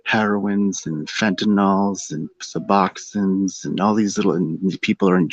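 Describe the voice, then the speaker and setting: A man in casual conversation, rambling from thought to thought and laughing often. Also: no room sound. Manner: rambling, meandering, laughs often, breaks into silly high sing-song. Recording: dull, dry lo-fi sound.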